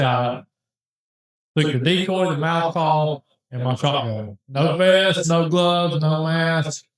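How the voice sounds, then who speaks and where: A man telling a long story in casual chat, rambling with animated asides and restarts. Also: mid-range voice. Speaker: podcast host telling a hunting story. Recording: very echoey room.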